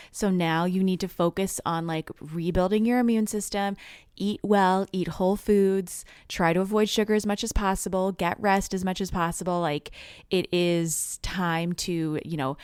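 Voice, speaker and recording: A woman with a smooth, resonant, slightly low voice chatting on a podcast. She laughs a lot and walks through advice and recipes in an easy, conversational way. The sound is dry and close. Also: no echo. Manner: laughs often, gives calm advice. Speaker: podcast co-host. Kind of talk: casual chat.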